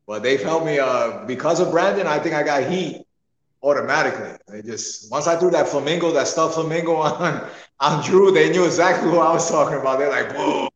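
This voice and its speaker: A man's voice: a little high, fairly quick, dull audio. A man, a wrestler, chatting casually on a podcast and telling stories animatedly, laughing often. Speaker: wrestler guest. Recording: echoey room with long reverb.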